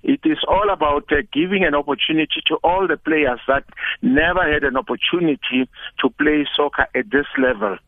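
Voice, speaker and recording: Older South African man, gravelly phone voice. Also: on the high side, a little fast, no room sound. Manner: relaxed, chatty, repeats words when starting. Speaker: guest, former football coach. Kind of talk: phone interview. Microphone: telephone. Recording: tinny phone line.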